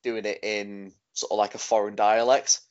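A man's voice: on the low side, little pitch movement, normal speed, darkish tone, smooth. A man co-hosting a podcast in casual chat, rambling with lots of "sort of, like" fillers. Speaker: podcast co-host. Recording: dull lo-fi podcast audio.

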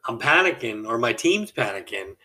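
A man's voice: mid-range voice, very animated, moderate pace, bright, forceful tone. A male podcast host telling a story in a loose, casual monologue, rambling and chuckling mid-sentence.

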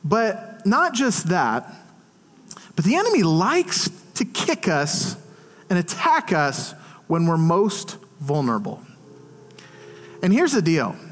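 A middle-aged man preaching a sermon as pastor, telling stories in an animated way and acting out the quotes. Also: sits high, slow pace, long pauses, long reverb tail. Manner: animated storytelling with acted-out quotes. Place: church.

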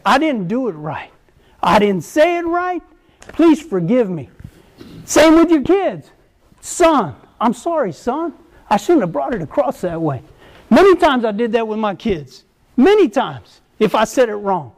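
A man's voice: very high-pitched, darkish tone. A middle-aged man preaching to husbands and fathers, earnest and exhortative, repeating his key phrases. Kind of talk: sermon to men.

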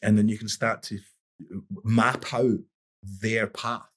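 A middle-aged man, a boxing coach on a podcast, speaks slowly with a lowish, fairly even voice that has a bit of brightness. He tells stories casually, drifting and restarting often.

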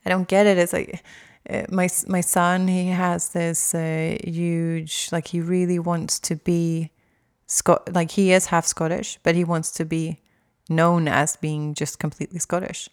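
Woman in her 40s just chatting, kinda low voice, lots of um and like, swears a bit. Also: level tone, measured pace. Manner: rambling, many restarts and fillers, frank with mild swearing. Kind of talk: casual chat.

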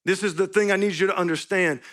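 Pastor, male, fairly high voice, earnest sermon delivery with repeated rhetorical questions. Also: steady tone, quick pace, a bit bright. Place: church sanctuary.

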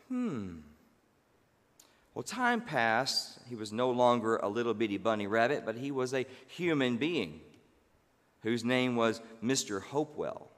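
A man preaching, telling a story in a slow, gentle manner with thoughtful pauses. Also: medium pitch, big pitch swings. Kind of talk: sermon storytelling. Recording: long hall reverb.

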